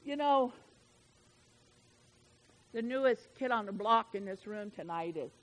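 A woman preaching a sermon in a folksy, emphatic way, swinging from loud declarations to soft asides. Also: medium pitch, lively intonation, measured pace, poor audio.

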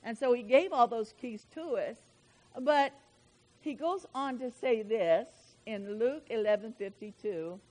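A woman preaching a sermon in a folksy, emphatic way, swinging from loud declarations to soft asides. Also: on the high side, unhurried, low-quality recording.

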